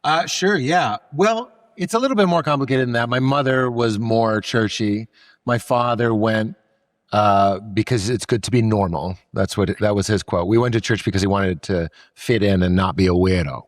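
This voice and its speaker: A man's voice: fairly low pitch, moderate pace. A middle-aged man from Massachusetts, a comedian, telling stories in casual conversation, joking and self-deprecating. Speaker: comedian guest.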